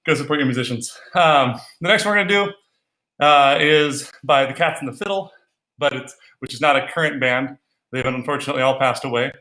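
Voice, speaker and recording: A man's voice: medium pitch, pushed and bright, distant mic. A man teaching a solo swing dance class, talking through steps and counting beats aloud in rhythm. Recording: echoey room, voice from off-mic.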